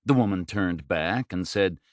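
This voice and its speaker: Deep-voiced male audiobook narrator. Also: dry recording, clean studio sound. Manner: measured, clipped phrasing.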